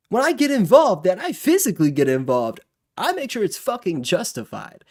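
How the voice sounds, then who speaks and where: A man's voice: high voice, sing-song, normal speed, breathy edge, no echo, clean studio sound. A man in his twenties with a heated, profane, exasperated way of talking as he hosts a reaction video. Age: 20s. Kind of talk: ranting reaction commentary.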